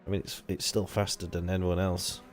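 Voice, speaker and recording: A man's voice: brisk, background noise. A young man commentating an online racing league live, rambling and casual, swearing freely and jumping up when the action heats up. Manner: excitable, rambling, swears casually, jumps to high excited pitch.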